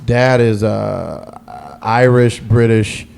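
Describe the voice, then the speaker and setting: A man's voice: fairly low pitch, lively intonation, drawn-out words, vocal fry, a little mellow, a little hiss or hum. Man rambling through podcast stories. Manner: loose, rambling, with many restarts and fillers. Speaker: radio DJ guest. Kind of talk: casual podcast storytelling.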